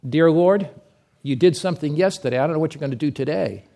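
A preacher voicing a thin pastor praying. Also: male voice, fairly high pitch, quick pace, gravelly, warm tone. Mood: pleading. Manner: earnest, pleading prayer. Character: small thin devout male pastor praying in prison.

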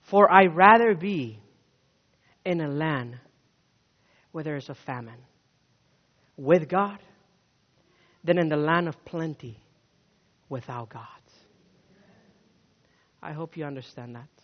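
A man preaching a sermon with dynamic swings between loud urging and hushed words, telling stories with acted quotes. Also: a little high, expressive, takes it slowly, pauses often. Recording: dull sound with long hall reverb.

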